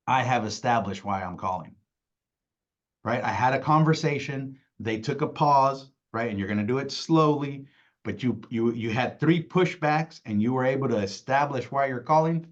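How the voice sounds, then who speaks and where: A man with young kids, giving an energetic, casual sales training talk, acting out phone calls and often asking "right?". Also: medium pitch, moderate pace, lo-fi sound. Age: adult with young kids. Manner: energetic, acts out calls in quoted voices, keeps asking "right?".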